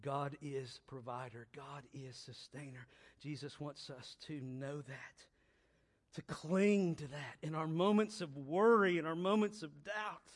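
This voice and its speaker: A man preaching a sermon in a high, light voice, taking his time over every phrase. He drops into hushed, low stretches, then climbs to loud, fervent emphasis. His repetitions land slowly and deliberately. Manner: swings from quiet, low reflection to loud, high-pitched emphatic exhortation; slow, deliberate delivery with repeated phrases.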